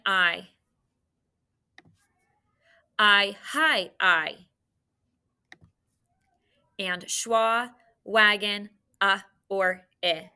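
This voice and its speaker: A woman teaching a recorded phonics lesson to children, encouraging and clearly sounding out syllables. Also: mid-range voice, sharp tone.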